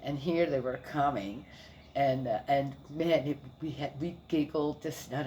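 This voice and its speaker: Speaking at a moderate pace in a bass voice, an older grandmother rambles warmly through family stories, laughing and leaning on fillers. It is a casual chat with slight background noise.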